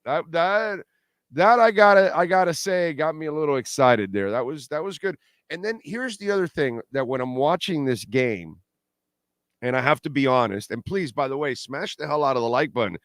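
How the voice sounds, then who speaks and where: A middle-aged man hosting a postgame sports talk livestream, animated and blunt, repeating points for emphasis. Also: a little high, normal speed, dry recording, studio quality. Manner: blunt and salty, pleads with viewers. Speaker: sports talk show host.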